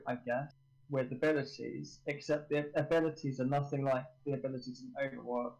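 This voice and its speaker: A man's voice: medium pitch, low-quality recording. A young man, a university student, chatting casually as a stream guest in a laid-back, dry way. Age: young adult.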